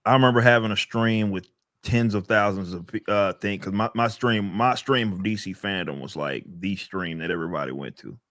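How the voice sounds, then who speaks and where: A man's voice: on the low side, brisk, a bit bright, dry recording, studio quality. A man chatting on a podcast, ranting and swearing, often repeating words as he thinks. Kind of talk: casual podcast chat.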